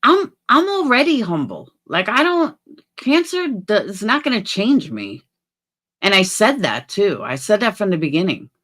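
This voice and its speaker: A woman runs a casual livestream, reading viewer comments out loud and replying bluntly. She swears and jumps quickly from low mutters to loud outbursts, with big swings in pitch.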